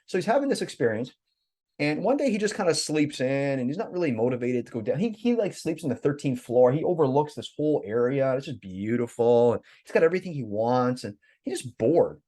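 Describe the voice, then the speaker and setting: A man, a life coach and podcast guest, telling a story in an animated way. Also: mid-range voice, fairly quick. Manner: animated storyteller, lively swings.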